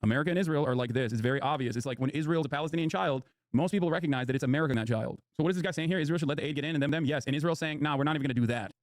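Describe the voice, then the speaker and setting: Fast-talking sarcastic streamer man. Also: a little high. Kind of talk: casual live commentary while gaming.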